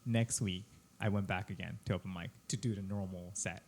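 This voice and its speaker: A man, a comedian telling a story on a podcast, halting and repeating words and laughing as he goes. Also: deep voice, steady tone, a little mellow, a little hiss or hum. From Japan. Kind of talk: casual storytelling.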